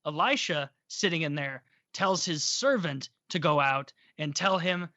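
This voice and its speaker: A man with a bright, forceful, fairly high voice retells a story in a casual, irreverent way and swears freely. The sound is dry and somewhat dull. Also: a little slow, hardly any pauses, no echo. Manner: irreverent, profane, joking. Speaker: podcast host.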